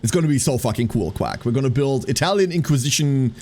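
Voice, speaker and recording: A man chatting casually on a live stream, rambling and animated, who tacks a running 'quack' onto his lines. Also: mid-range voice, fast talker.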